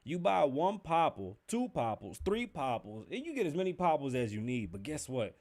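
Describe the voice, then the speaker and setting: A man's voice: on the high side, big pitch swings, moderate pace, a little mellow. A young man hosting a casual podcast livestream, joking and chatting loosely, swearing freely as he talks to viewers. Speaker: podcast host.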